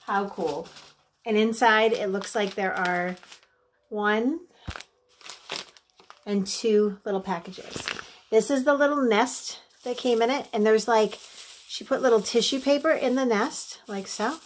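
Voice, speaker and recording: A woman in her thirties unboxes gifts in a casual vlog, gushing and excitable as she addresses her viewers directly, then turning soft and halting when moved. Her voice is fairly high, with slight background noise.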